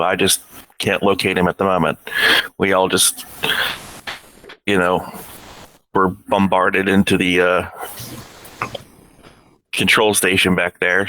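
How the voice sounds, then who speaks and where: A man's voice: low-pitched, sharp tone, a little hiss or hum, rough recording. A man playing a tabletop game, talking casually and swearing freely. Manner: casual, profane. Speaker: player.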